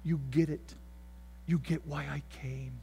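A preacher putting on God, soft and whispered. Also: male voice, steady tone, unhurried, creaky, a little hiss or hum. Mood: tender whisper. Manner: soft, hushed, low. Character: God as a tender, delighted male voice.

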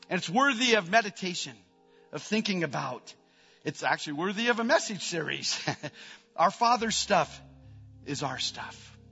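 A middle-aged man, a pastor, preaching a sermon, building to emphatic peaks and then dropping into soft prayer. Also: high voice, lively intonation, normal speed, creaky, breathy edge. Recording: long reverb, dull band, faint music.

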